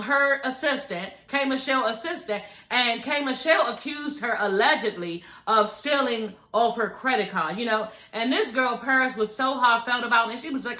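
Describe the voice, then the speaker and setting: A woman recapping a reality show to her viewers, gossipy and animated, swearing freely and calling her audience y'all. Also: on the high side, echoey room, poor audio.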